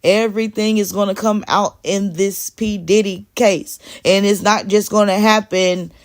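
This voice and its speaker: A woman speaks straight into her phone during a live stream, pressing her points and often repeating herself. She replies to viewers' comments as they come in. Her voice has a middling pitch. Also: fairly even intonation, unhurried. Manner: emphatic, repeats phrases, responds to chat. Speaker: livestreamer talking to viewers. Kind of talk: casual live stream talk.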